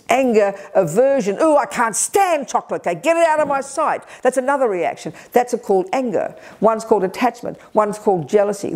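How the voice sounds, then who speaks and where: Older aussie woman teaching a buddhist retreat, punchy and direct, mellow dark voice. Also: mid-range voice. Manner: energetic, direct, lively emphasis. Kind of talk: Dharma teaching with audience questions. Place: retreat hall.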